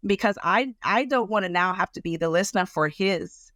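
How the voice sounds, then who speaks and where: A woman counselor speaking in a conversational interview, animated and acting out other people's reactions as she explains. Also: lowish voice, normal speed, no room sound. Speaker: guest counselor.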